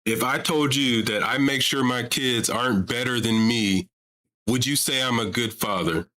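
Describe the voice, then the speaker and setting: A man's voice: mid-range voice, moderate pace, sharp tone. A man hosting a live call-in stream about religion, talking casually and pressing his audience with repeated rhetorical questions. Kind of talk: casual livestream talk.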